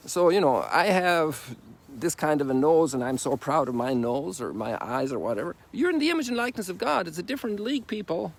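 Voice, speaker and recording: Brisk and animated, this Irish priest in his sixties has a gravelly, slightly high voice. He delivers a loose, reflective sermon outdoors during a sunrise walk, dotted with folksy asides.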